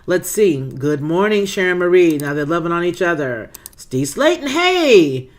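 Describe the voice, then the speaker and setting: A chatty woman hosts a laid-back livestream, reading out viewer comments one by one. Her greetings swoop up with animated warmth, and she calls viewers girl, baby and boo-boo. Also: lowish voice, moderate pace. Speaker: livestream host.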